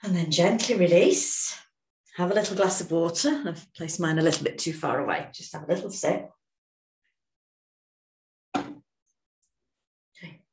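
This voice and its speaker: A woman leading a guided emotional tapping session, giving calm step-by-step instructions and phrases to repeat. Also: lowish voice, a little slow, pauses often. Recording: echoey room, distant mic.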